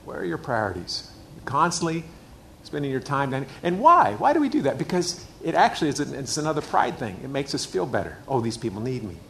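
A man's voice: on the high side, big pitch swings, a little fast, creaky, fairly bright tone, a little hiss or hum. A middle-aged man preaching a sermon in a church, emphatic and repeating his key phrases. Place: church hall with a screen.

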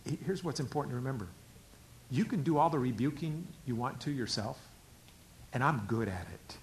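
A pastor preaching a sermon, dropping to hushed whispers and rising to loud, emphatic preaching. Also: male voice, mid-range voice, fairly quick, slight background noise.

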